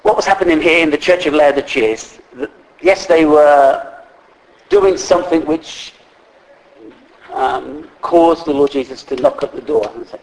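Man preaching a halting, chatty sermon. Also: fairly high pitch, low-quality recording. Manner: conversational, halting with fillers and restarts.

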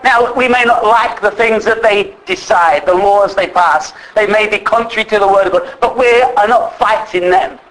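Male preacher, fairly high voice, earnest sermon delivery that slows for emphasis. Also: a bit bright, low-quality recording. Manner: earnest, slows down to stress scripture.

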